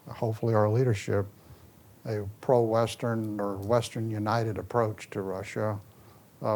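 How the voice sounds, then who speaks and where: Animated man telling stories at a lectern. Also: fairly low pitch. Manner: animated storytelling, restless, moves around. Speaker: former ambassador giving a talk. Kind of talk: public talk and Q&A.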